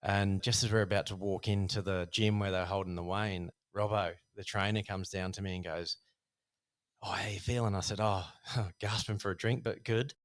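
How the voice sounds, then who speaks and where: A man, a guest telling a casual, animated story about his boxing past with many fillers. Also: low-pitched, moderate pace. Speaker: podcast guest, former Thai boxer.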